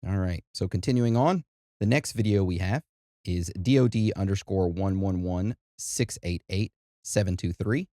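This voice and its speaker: Deep-voiced, laid-back podcast co-host man. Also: moderate pace, mellow, no room sound, clean studio sound. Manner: laid-back, conversational, leads the segments. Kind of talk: casual chat.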